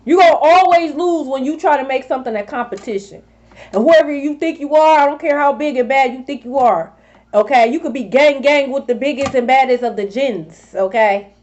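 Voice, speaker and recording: A woman's voice: high-pitched, a little fast, darkish tone, muffled recording. A woman tarot reader scolding her rivals in a sassy, profane vlog monologue. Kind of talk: confrontational spiritual vlog monologue.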